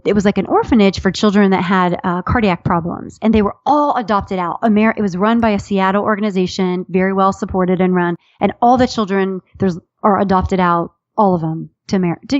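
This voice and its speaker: Woman, comedic author guest, animated storyteller; dry, slightly muffled audio. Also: medium pitch, no echo. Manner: chatty, animated storyteller who restarts sentences. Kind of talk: casual storytelling interview.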